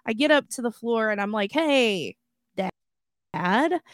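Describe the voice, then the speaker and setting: A woman co-hosting a podcast, telling a childhood story in an animated way, often laughing. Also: a little high, fast talker, clear, resonant tone, no echo, clean studio sound. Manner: animated, laughing, full of fillers. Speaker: podcast co-host. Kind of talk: casual storytelling.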